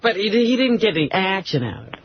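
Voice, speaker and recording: High, lively teasing male co-host. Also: quick pace. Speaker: radio co-host. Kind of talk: radio talk show banter. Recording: muffled radio broadcast with faint hiss.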